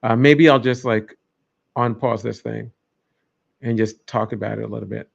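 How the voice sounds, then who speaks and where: Gravelly man hosting a loose livestream. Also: lowish voice, steady tone, moderate pace. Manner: loose, rambling and joking. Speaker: livestream host. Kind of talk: casual livestream chat. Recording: dull lo-fi stream audio.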